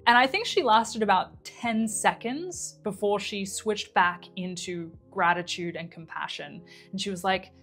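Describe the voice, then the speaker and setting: A woman's voice: mid-range voice, a little slow, hardly any pauses, fairly bright tone, soft background music. Woman telling a story to camera. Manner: conversational, re-enacts quotes. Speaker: mind-body coach.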